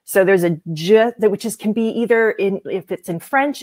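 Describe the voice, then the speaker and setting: A woman's voice: mid-range voice, animated, unhurried, a little mellow, dry recording. A woman, a voice coach explaining breath and speech sounds in a thoughtful, explanatory way. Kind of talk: explanatory talk.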